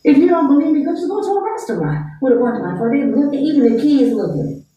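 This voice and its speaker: A woman's voice: sits high, very animated, quick pace, warm tone. Brash woman ranting in an echoey room. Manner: brash, slangy, heated. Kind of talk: livestream rant. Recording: echoey room, far from mic.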